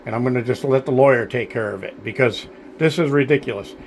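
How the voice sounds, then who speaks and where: A man vlogging a blunt, aggravated rant, talking to his viewers with many fillers and pauses. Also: mid-range voice, a little hiss or hum. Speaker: homesteading vlogger. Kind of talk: frustrated to-camera vlog rant.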